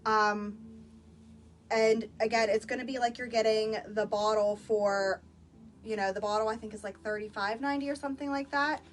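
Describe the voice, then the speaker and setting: A woman with a higher voice, fairly even intonation, and normal speed chats casually on a phone livestream as a social-selling vlogger. Giving a live product demo, she's chatty, uses lots of filler words, and calls her viewers "you guys."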